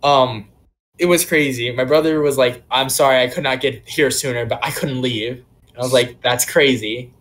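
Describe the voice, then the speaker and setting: Fairly even intonation, a medium pitch, and a bit of brightness mark this young man's voice as he speaks at normal speed. Co-hosting a podcast, he wanders through a long personal tale stuffed with "um" and "like."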